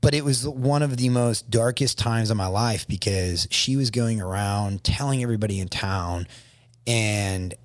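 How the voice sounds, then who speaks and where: A man, a podcast guest, shaken and emotional, telling his story haltingly with many restarts. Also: lowish voice, no echo, studio quality.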